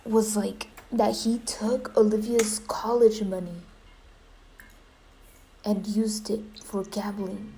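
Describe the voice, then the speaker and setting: A woman's voice: medium pitch, flat delivery, slow pace, creaky, warm tone, slight background noise, low-quality recording. A young woman giving dramatic, half-whispered commentary while playing a life-simulation game. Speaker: gaming YouTuber.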